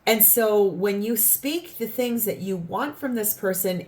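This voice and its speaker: A woman's voice: medium pitch, unhurried, few pauses, a little mellow. A woman giving a spoken tarot reading, earnest and rambling, sometimes acting out what people say. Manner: earnest, rambling, acts out quoted lines. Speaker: tarot reader.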